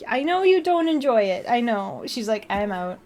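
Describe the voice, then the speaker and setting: A woman with a high, bright-pitched voice chatting on a live stream. She talks slowly and easily, with a bubbly manner full of gasps and little laughs as she thanks her viewers. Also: sing-song, slight background noise. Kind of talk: casual live-stream chat.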